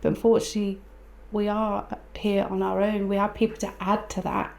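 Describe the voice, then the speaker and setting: A woman co-hosting a casual chat podcast, her voice gravelly with fry. She speaks in a reflective, measured way, offering advice. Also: medium pitch, level tone, a little mellow. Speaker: podcast co-host.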